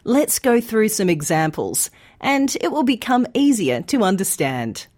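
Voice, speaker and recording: A woman teaching English pronunciation in a scripted lesson, enunciating each word slowly and clearly. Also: mid-range voice, big pitch swings, a little mellow. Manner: slow, clear, deliberate enunciation.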